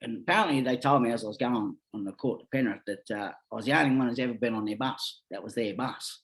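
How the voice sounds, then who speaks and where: An Australian man of middling pitch, telling his stories in a casual, rambling way. He talks bluntly and swears without a second thought. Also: quick pace. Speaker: podcast guest. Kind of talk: casual storytelling.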